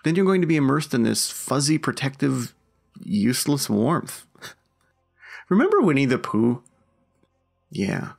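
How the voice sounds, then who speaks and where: Man, podcast host, self-mocking monologue, gravelly edge, lively swooping pitch. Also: moderate pace. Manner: wry, self-mocking, puts on voices when quoting people.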